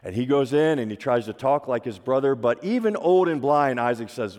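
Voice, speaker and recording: A man's voice: mid-range voice, expressive, normal speed, few pauses, darkish tone. A man preaching a sermon, retelling a story conversationally and asking his listeners rhetorical questions. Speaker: pastor. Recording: long reverb of a large hall.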